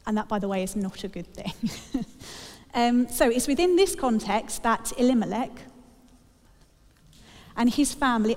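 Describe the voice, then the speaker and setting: A woman delivers a sermon with a chatty, wry humour. Her voice sits somewhat high. The sound carries a long reverb, as in a church hall. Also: expressive, moderate pace, pauses often, darkish tone. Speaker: preacher.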